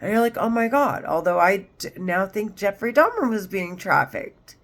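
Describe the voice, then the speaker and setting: A woman's voice: mid-range voice, animated, normal speed. A woman talking straight to camera in a rambling, agitated monologue, swearing often. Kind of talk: monologue vlog.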